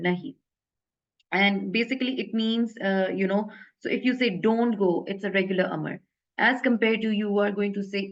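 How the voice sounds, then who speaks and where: A woman teaches a grammar lesson in a casual online class. She pauses often, with many fillers and self-corrections, at a mid pitch. The audio is slightly dull and lo-fi.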